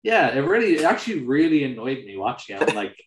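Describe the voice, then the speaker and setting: A man's voice: mid-range voice, sing-song, fast, roomy sound, rough recording. A man co-hosting a film podcast, talking casually and animatedly, swearing and acting out mocking quotes. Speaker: podcast co-host.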